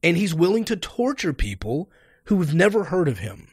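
A man hosting a podcast, arguing his points in an animated, emphatic debate interview. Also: fairly high pitch, normal speed, slightly rough, no echo, studio quality. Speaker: podcast host.

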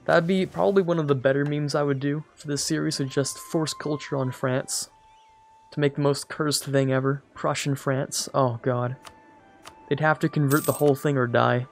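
A man's voice: mid-range voice, vocal fry. A man giving casual, rambling commentary on a strategy game as a let's play host, correcting himself and joking as he goes. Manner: rambling, self-correcting, jokey asides.

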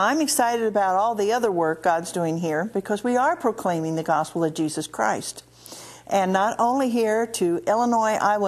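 A woman with a Midwestern American accent hosting a TV ministry and teaching from the Bible, earnest, slowing down and repeating key words of scripture. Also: mid-range voice. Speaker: TV ministry host. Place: TV studio.

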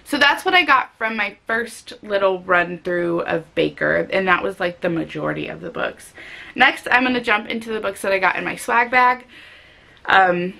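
A woman chatting casually and excitably about books she picked up, with frequent fillers. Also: medium pitch, normal speed, creaky, slight background noise. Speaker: book vlogger. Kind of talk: casual book haul chat.

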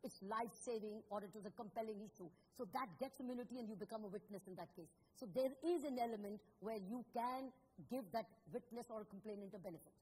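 Woman on a panel, firm and direct, higher voice, hall echo, faint hiss. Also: fast talker, hardly any pauses, a little mellow. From India. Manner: firm, emphatic. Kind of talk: panel debate argument. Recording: long hall reverb.

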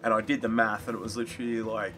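Bright-voiced casual gaming host. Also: male voice, lowish voice, fast, soft background music. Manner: rambling, animated, swears casually.

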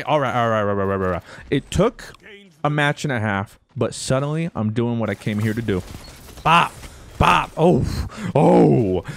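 A young man giving jokey, excitable commentary over his own gameplay, breaking into sudden loud outbursts. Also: fairly low pitch. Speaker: gaming YouTuber.

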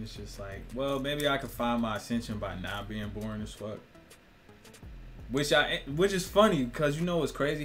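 A fairly low-pitched man hosts his own video channel, speaking loosely and with plenty of swearing in a rambling to-camera monologue. He laughs often and puts questions to viewers, and there's slight background noise.

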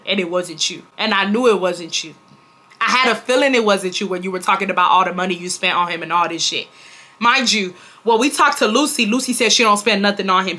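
A woman in her twenties telling a storytime vlog, animated and indignant, full of "like" fillers. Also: mid-range voice. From Houston, Texas. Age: 20s. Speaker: vlogger.

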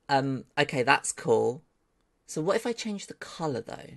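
Slow-talking, excitable woman streamer. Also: sits low, gravelly. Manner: excitable, swears when thrilled, talks to chat. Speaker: streamer learning 3D modeling. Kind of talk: live-stream thinking aloud.

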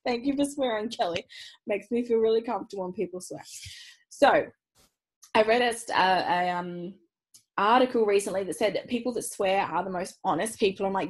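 A woman coaching other mums on an online call, giving a chatty sales pitch for her program, bubbly, swearing freely and laughing often. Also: expressive, normal speed, slightly rough, rough recording. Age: young adult. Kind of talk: live webinar sales pitch.

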